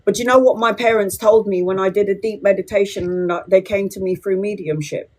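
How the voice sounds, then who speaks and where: Woman, forties, casual livestream chat, blunt, swears a lot, average pitch. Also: fairly even intonation, fairly quick, darkish tone. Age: 40s. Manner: chatty, blunt and sweary, talking straight to viewers. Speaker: tarot reader on a livestream.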